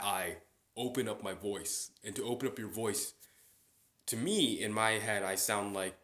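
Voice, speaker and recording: A man's voice: lowish voice, a bit bright. A young man hosting a casual solo chat. He rambles, with many fillers and restarts. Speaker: podcast host. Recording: roomy echo.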